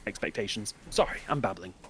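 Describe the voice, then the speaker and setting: A man in a casual book club chat, pitching ideas with rambling enthusiasm. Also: lively intonation, fairly quick, fairly bright tone, a little hiss or hum.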